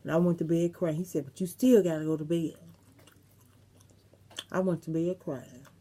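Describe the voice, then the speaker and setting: A woman's voice: deep voice, fairly even intonation, moderate pace, dark tone, slight background noise. A middle-aged woman vlogger, chatting casually and reminiscing to her viewers, with some salty language. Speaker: mukbang vlogger.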